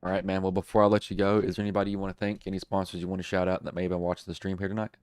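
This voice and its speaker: A man's voice: deep voice, little pitch movement, very fast, darkish tone, clean tone, no echo, studio quality. A young man hosting a racing stream while sick, his voice nasal and congested, talking in a casual, rambling way. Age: young adult. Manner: casual, rambling wrap-up talk. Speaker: broadcast host. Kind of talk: casual live-stream commentary.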